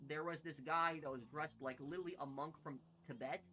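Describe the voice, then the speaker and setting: Fast, bright-voiced rambling man. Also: a little high, fairly even intonation, slight background noise. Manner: rambling, many fillers and restarts. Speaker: gaming streamer. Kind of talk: casual storytelling while gaming.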